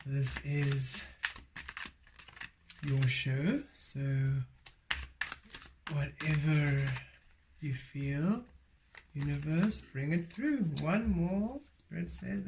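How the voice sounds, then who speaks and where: A man's voice: a little high, sing-song, slow, gravelly, long pauses, a little mellow, slight background noise. A man giving a spiritual tarot card reading, emphatic and repeating his affirmations. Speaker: tarot reader.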